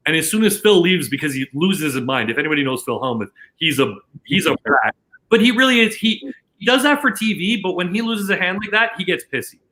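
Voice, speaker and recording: A Canadian man with a bright, forceful voice, sitting slightly above the usual male pitch. He tells a poker story in casual podcast chat, tumbling through restarts and quoted lines as the tale unfolds. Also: rough recording. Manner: animated anecdote telling with many restarts and quoted dialogue. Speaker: casino dealer, podcast guest.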